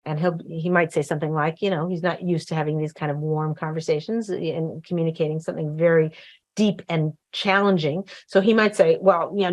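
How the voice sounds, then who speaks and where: A woman's voice: low-pitched, steady tone, a little fast. A woman hosting a talk show, coaching in a casual chatty way, often acting out what wives and husbands might say. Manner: chatty, acts out quoted voices, frequent fillers and restarts.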